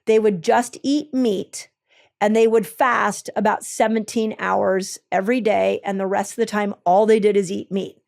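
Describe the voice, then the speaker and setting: A woman's voice: medium pitch, fairly even intonation, moderate pace, creaky, darkish tone. A woman, a health expert with her own clinic, explaining her ideas in an eager, conversational way, stepping through each point with frequent ums and restarts. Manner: enthusiastic, explains step by step, many ums and restarts.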